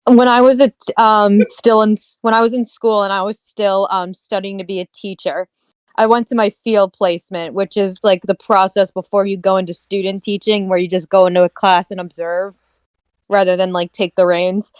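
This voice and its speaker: A woman's voice: mid-range voice, flat delivery, moderate pace, smooth, no echo. A woman in her twenties co-hosting a casual chat, telling a story in a chatty way with hesitant fillers. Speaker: podcast co-host.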